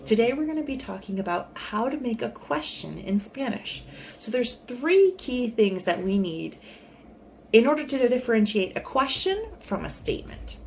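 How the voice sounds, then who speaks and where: A woman's voice: fairly high pitch, lively intonation, moderate pace, creaky, slight background noise. A woman giving a casual video lesson, explaining step by step with examples in a friendly way. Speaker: Spanish teacher. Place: recording in a city in Central America.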